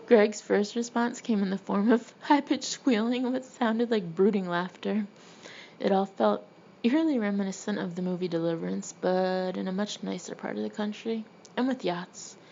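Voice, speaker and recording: Woman, memoir narration, wry deadpan humor, slightly muffled audio, faint hiss. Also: mid-range voice, normal speed, vocal fry. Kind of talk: first-person memoir narration.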